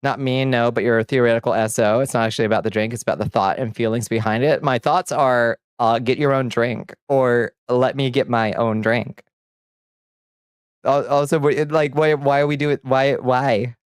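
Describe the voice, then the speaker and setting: A male streamer bantering with his chat, blunt and crude in a joking way, laughing often. His voice sits at an ordinary middle pitch. The sound is dry and close, with no room echo. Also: steady tone, normal speed, clean tone. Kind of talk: casual livestream chat.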